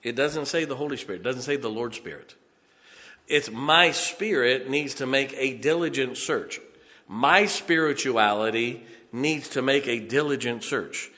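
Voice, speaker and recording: A man's voice: medium pitch, measured pace, pushed and bright, long reverb tail. A man preaching a sermon in a folksy way, often chuckling and checking on his congregation.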